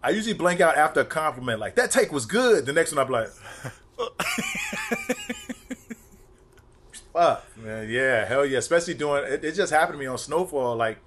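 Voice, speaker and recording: A man in casual podcast conversation, lively and swooping in pitch as he acts out other people's lines. His voice sits a little high for a man, and he laughs through his stories, swearing freely. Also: moderate pace, long pauses, a little hiss or hum. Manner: animated, profane, acts out quotes, laughs often. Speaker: podcast guest, comedian and actor. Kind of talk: casual chat, storytelling.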